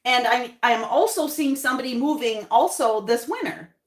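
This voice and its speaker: Female tarot reader, higher voice, loose reassuring chat, repeats lines, echoey room. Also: lively intonation, normal speed. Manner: chatty, reassuring, repeats phrases. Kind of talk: casual tarot reading to camera.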